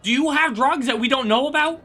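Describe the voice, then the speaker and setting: High, bright-voiced male streamer. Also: brisk, slight background noise. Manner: animated, rambling, teasing. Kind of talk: casual game-stream chat.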